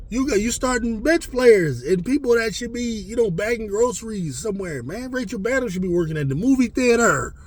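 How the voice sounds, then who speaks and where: Brief: male sports host, husky, fairly high voice, loose profane rant. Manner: animated, profane, rambling with fillers.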